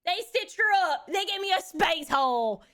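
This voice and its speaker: A woman's voice: very high-pitched, expressive, moderate pace, a bit bright, pitched above the performer's own voice. A woman playing a brash, crude Texan woman trucker back from space, drawling and calling everyone baby, for a live stream. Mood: cheeky. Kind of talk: live-stream character bit.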